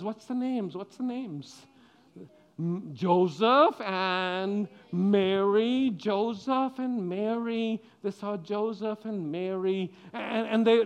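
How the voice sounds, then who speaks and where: A middle-aged man giving a children's sermon, telling the story with animation and asking the children questions. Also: high voice. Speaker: preacher.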